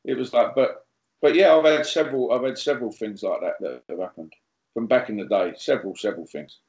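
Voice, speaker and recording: A man's voice: medium pitch, a little fast, reverberant, low-quality recording. A male pastor, telling humorous stories as a podcast guest and acting out the dialogue. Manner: lively, jokey, acts out quoted dialogue. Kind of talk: humorous storytelling.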